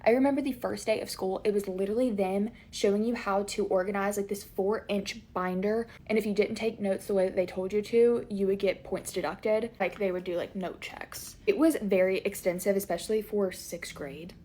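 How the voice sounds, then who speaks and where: Young woman, average pitch, relaxed casual storytime, chatty. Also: moderate pace, hardly any pauses. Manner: chatty, many filler words.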